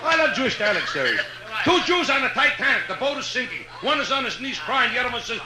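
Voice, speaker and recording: Performing stand-up before a live audience in a hotel nightclub, a Brooklyn-born comedian talks quickly and very animatedly in a very high voice. His brash, chatty joke-telling is peppered with "you know" and "right?" The old vinyl recording is echoey and has heavy background noise.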